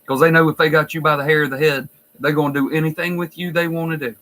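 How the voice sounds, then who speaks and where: A man's voice: fairly high pitch, flat delivery, quick pace, pushed and bright, low-quality recording. A man who works in a nursing home, telling stories in a blunt, profane, wry way. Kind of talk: casual storytelling vlog.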